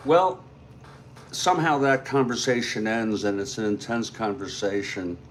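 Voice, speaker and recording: Slow, low-voiced male storyteller. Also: slight background noise. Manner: unhurried, with frequent fillers and asides. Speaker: storyteller retelling his own story. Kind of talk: casual spoken storytelling.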